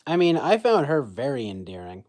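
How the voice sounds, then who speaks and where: A man's voice: mid-range voice, wildly swooping pitch, a little fast, darkish tone. A man in his twenties chatting casually on a phone livestream, rambling with lots of fillers and self-mocking asides. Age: 20s. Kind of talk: casual chat.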